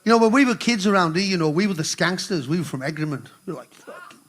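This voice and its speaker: A man's voice: sits high, expressive, fast talker, a bit bright. An older man, joking and rambling between songs as he hosts a live charity concert on stage. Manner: rambling, swearing, joking with the crowd. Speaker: musician hosting a charity concert.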